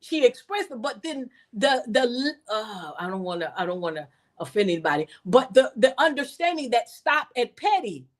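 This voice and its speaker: Woman speaker, fairly high voice, animated and preachy, restarts words often. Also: normal speed. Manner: animated, repeats words, pitch jumps high when exasperated; preacher-like cadence, scripture references. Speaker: speaker and teacher. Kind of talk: reflective talk to an audience.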